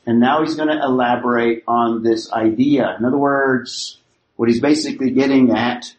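A man teaching a Bible class, measured and emphatic, restating each point several times. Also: mid-range voice, steady tone. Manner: measured, emphatic, with frequent paraphrase and repetition. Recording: echoey room with light background noise.

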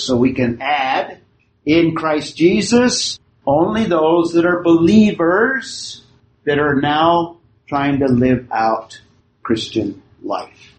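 Male Bible study teacher, slow deliberate delivery, checks that the class follows, echoey room. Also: medium pitch, slight background noise. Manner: often checks the class understands.

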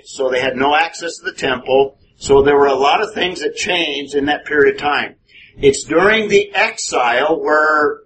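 A man's voice: fairly high pitch, fairly bright tone. A man teaching a Bible class in a methodical, explanatory way, often putting questions to his students. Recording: noisy room recording.

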